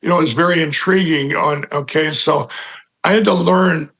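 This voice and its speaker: A man's voice: on the high side, steady tone, normal speed, fairly bright tone, poor audio. A man giving an interview, telling a long personal story in a rambling way with lots of fillers and restarts, acting out the people he quotes. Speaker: interview guest. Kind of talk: conversational storytelling.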